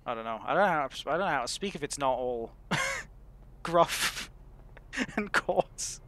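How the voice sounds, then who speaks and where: A man chats through a roleplay game session, his voice slightly higher than most. He rambles, pokes fun at himself and laughs constantly, over a faint background hiss. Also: big pitch swings, a little slow, long pauses, bright, forceful tone. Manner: laughs often, rambling and self-deprecating. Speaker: roleplay streamer. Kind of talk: casual game roleplay chat.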